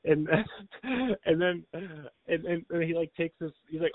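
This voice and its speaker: A man's voice: fairly high pitch, moderate pace, no room sound. Rambling man on a tinny line. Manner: rambling storyteller, lots of likes and restarts, laughs often. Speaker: podcast co-host. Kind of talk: casual chat.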